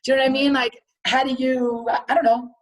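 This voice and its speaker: A woman teaching a text study class, reading passages aloud and explaining them in a lively way while often questioning her students. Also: high voice, quick pace. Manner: lively, reads Hebrew then explains in English.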